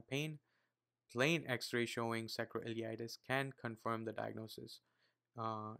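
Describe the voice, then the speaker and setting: A young man with an Indian accent reading medical study notes aloud, with many fillers and quiet muttered asides. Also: medium pitch, vocal fry. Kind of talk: casual read-aloud study session.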